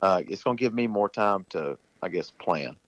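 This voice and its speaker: Low-voiced man explaining hunting tactics. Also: expressive, normal speed, no room sound, dull audio. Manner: plain-spoken, explaining hunting tactics at length. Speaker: guest, turkey hunter. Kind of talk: casual podcast talk.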